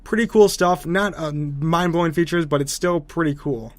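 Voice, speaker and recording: Young male gaming news host, slightly high voice, dry close mic, casual and opinionated. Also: moderate pace, no echo. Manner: chatty, opinionated, sarcastic asides.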